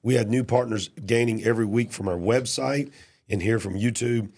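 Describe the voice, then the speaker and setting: Raspy, gravelly male host, coughing. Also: mid-range voice, normal speed. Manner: emphatic, builds to shouted questions. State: coughing, cough drops in mouth. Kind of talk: casual political commentary.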